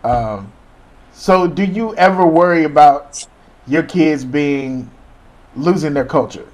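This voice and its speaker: A man's voice: a little high, takes it slowly, darkish tone. A man hosting a casual chat, laid-back, asking questions and laughing easily.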